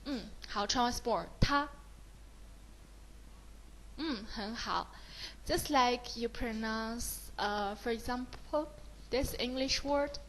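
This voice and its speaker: Female Mandarin tutor, Chinese accent, higher voice, patient and encouraging, switches between English and Mandarin. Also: slow pace, fairly bright tone, slight background noise, low-quality recording. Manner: mixes English with Mandarin, praises often. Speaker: Mandarin teacher. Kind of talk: slow, encouraging beginner lesson.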